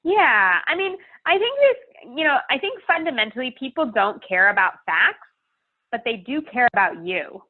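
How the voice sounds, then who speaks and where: A woman's voice: fairly high pitch, big pitch swings, moderate pace. Woman guest on a remote call, tinny phone-band audio, earnest and emphatic, thinking aloud. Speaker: guest, climate organizer. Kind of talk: podcast interview conversation.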